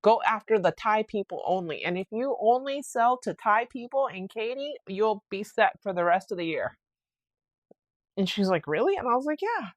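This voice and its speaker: A young woman chats alone into her podcast mic, telling a story in a loose, rambling way. She is full of fillers and restarts, and her voice sits at an ordinary middle pitch. The sound is close and dry, with no room around it. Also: normal speed, no room sound. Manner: rambling, animated retelling with many fillers and restarts. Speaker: podcast host. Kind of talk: casual solo podcast storytelling.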